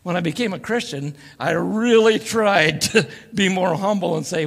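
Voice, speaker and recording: A man's voice: high voice, moderate pace, creaky, few pauses. An older man giving a folksy, joking sermon as a guest preacher, acting out quoted voices. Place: church sanctuary. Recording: church live stream with long reverb.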